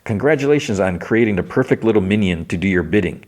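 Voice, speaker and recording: A man's voice: on the low side, lively intonation, fast, darkish tone, close to an everyday voice. A man voicing a scarred, bitter male survivor who talks blunt and plain.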